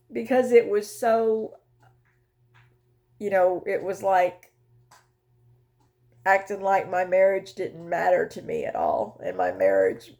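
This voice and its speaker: An older woman talking candidly about her grief in a personal vlog, emotional and halting, often repeating words as she searches for them. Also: mid-range voice, gravelly, dark tone. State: widowed, tearful. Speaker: vlogger sharing her grief journey.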